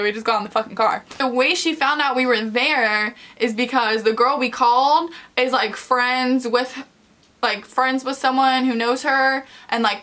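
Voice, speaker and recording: A woman's voice: a little high, bright, forceful tone. A young woman casually telling a storytime tale in a chatty, profane way, full of fillers. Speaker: vlogger.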